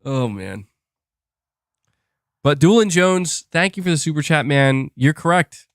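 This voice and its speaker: Excitable young guy rambling thru super chats, dry mic, lots of restarts. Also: a little high, measured pace, no echo. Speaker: podcast host reading super chats. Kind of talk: casual live-stream chat.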